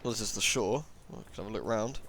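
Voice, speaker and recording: A man's voice: fairly low pitch, lively intonation, fast talker, gravelly, a bit bright. A young man giving casual, jokey commentary while playing a game, often muttering asides. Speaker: let's play gamer.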